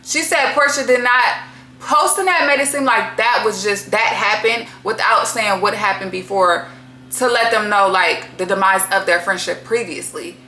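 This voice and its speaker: A woman's voice: mid-range voice, normal speed, pushed and bright, echoey room, slight background noise. A woman hosting a casual reality-TV recap, talking bluntly with lots of profanity and strong opinions. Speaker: TV recap host.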